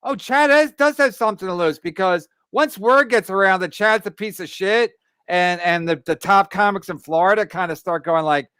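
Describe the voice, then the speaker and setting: A man's voice: high voice, normal speed, pushed and bright, clean tone, no echo. A man hosting a podcast, badgering and profane in heated banter, reading out listener comments. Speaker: podcast host.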